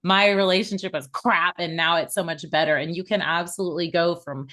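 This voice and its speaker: A woman in her forties, a podcast guest, telling a personal story in an animated way and laughing often. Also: on the low side, a little fast. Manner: animated, laughs often, acts out quoted voices.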